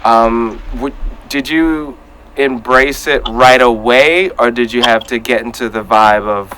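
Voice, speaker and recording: A man hosting a casual podcast chat, talking in an animated way and acting out his reactions. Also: mid-range voice, a little slow, clear, resonant tone, rough recording. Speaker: podcast host.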